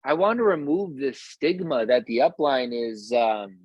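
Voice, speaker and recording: A man's voice: measured pace, slightly rough, no echo. A man giving a casual motivational talk to his team. He rambles with many restarts and acts out quoted people in raised voices. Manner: acts out quoted voices in a higher, louder pitch.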